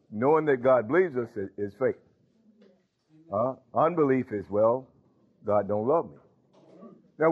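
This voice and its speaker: A male pastor giving a sermon, halting with fillers, then building to emphatic points. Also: medium pitch, husky. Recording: tinny phone-like audio.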